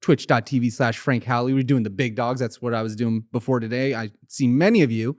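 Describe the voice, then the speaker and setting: A man's voice: mid-range voice, fairly quick, no echo, studio quality. A man talking as a guest on a podcast in casual, rambling, joking chat.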